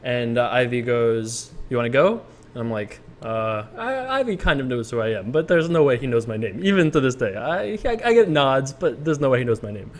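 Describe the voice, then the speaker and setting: Young man, mid-pitch, chatty vlog host, loose rambling storyteller, laughs at himself. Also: big pitch swings, a little fast, hardly any pauses. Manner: rambling, self-amused, frequent restarts and laughs. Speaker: poker video creator. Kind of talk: casual storytelling vlog commentary.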